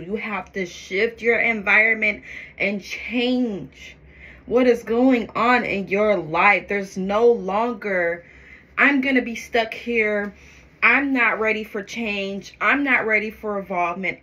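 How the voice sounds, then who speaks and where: Woman, vlogger, emphatic and preachy, bright edge, phone camera. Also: mid-range voice. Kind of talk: faith-filled get-ready-with-me vlog.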